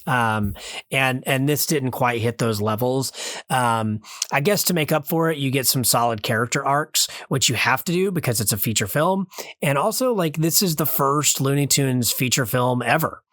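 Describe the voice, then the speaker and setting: On a podcast, a man in his thirties loosely rambles through a casual film review, often stopping and restarting and using many fillers. His middle-pitched, fairly bright voice moves at a moderate pace, recorded dry and close through a remote call mic with no room sound.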